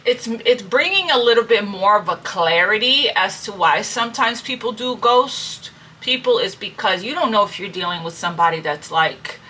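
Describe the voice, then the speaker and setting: Speaking with hardly any pauses, this tarot reader offers spiritual guidance in an earnest, repetitive way, calling her listeners family and asking "okay?" and "right?". Her mid-range voice is animated and sharp at a normal pace, with a bit of background noise.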